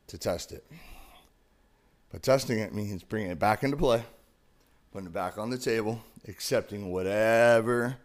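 Deep-voiced man in raw confession. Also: a little mellow. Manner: raw, confessional, rising to intense emphasis. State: emotional, broken up. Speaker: podcast host. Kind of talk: emotional personal monologue.

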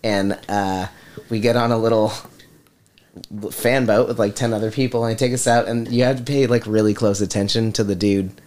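A man's voice: fairly low pitch, fairly even intonation, normal speed, a little mellow. A man hosting a podcast, telling a travel story in an easygoing, chuckling way. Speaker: podcast host. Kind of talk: casual chat.

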